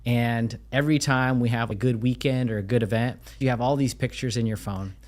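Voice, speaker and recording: A man's voice: medium pitch, fairly even intonation, fairly quick, darkish tone. A man hosting a podcast, talking in a friendly, reflective, conversational way. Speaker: podcast host. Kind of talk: casual interview conversation.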